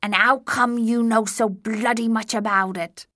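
A woman reading a storybook, voicing a scrappy, cowardly male goblin in a squeaky high voice. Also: steady tone, measured pace, sharp tone, dry recording. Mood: defiant. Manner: high and shrill, whining when scared.

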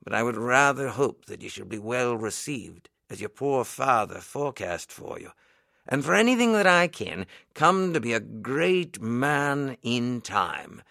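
A man reading the part of an earnest, kindly elderly minister in an audiobook, speaking in a solemn, measured, old-fashioned way. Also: mid-range voice, big pitch swings, creaky, pushed and bright, no room sound, clean studio sound, full character voice.

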